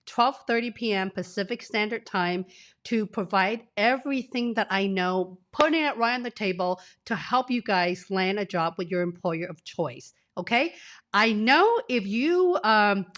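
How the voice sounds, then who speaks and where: A woman's voice: mid-range voice, fairly bright tone. A woman in her forties hosts a live stream from a home office, speaking through a desk mic. She is under the weather, sniffly and near tears. She talks straight to her viewers in an effusive, emotional way. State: sick, sniffly, tearful. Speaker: career coach.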